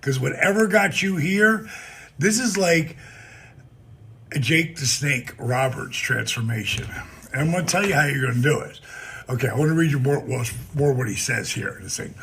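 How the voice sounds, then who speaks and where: A former wrestler records a personal greeting for a fan, and his voice is deeply husky with a gravelly fry running through it. He talks in a boisterous way, shouting catchphrases and breaking into laughs, and his voice sits somewhat high for a man. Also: normal speed. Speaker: former pro wrestler and fitness company founder. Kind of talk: personalized greeting video message.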